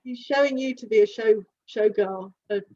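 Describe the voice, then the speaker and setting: A woman working as an animal communicator, giving a live reading and thinking aloud in halting, searching phrases. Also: fairly high pitch, darkish tone. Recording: dull lo-fi sound with faint hiss.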